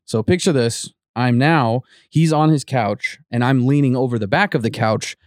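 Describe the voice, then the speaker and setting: A man's voice: mid-range voice, normal speed, no echo, clean studio sound. Rambling man telling a spooky story. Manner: rambling, full of "like" and restarts, acts out quotes. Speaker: podcast co-host telling a ghost story. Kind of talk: casual storytelling chat.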